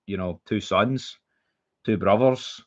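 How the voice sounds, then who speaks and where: A young Scottish man rants bluntly and heatedly about football on a casual live stream, swearing freely and repeating himself. His voice sits on the low side and moves slowly. The audio has its highs cut off.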